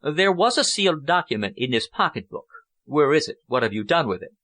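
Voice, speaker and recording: A man's voice: on the high side, big pitch swings, brisk, fairly bright tone. A man reading an audiobook, voicing a menacing male burglar who has a slight foreign accent and a cold, threatening manner.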